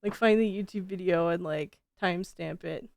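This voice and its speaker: A woman's voice: lowish voice, moderate pace, vocal fry, darkish tone, no room sound, studio quality. A woman streamer chatting casually with her viewers, rambling and laughing often, with frequent casual swearing.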